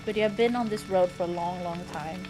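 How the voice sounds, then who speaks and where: A woman reading the lines of a solemn old male mentor in a vision, measured and grave, over game music. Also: fairly low pitch, natural voice.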